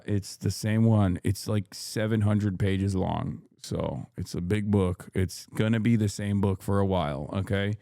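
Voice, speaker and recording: A man's voice: medium pitch, a little mellow, clean tone, no room sound, studio quality. A man hosting a live stream in a casual, rambling, joking way, reading chat aloud and answering it as a political commentator. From United States. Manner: rambling, joking, loose and irreverent.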